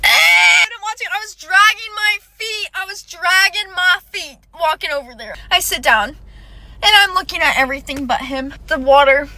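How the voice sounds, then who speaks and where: A woman's voice: very high-pitched, sing-song, moderate pace, sharp tone, no room sound. A young woman telling a dramatic personal story in a chatty, emphatic way. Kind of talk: casual storytime.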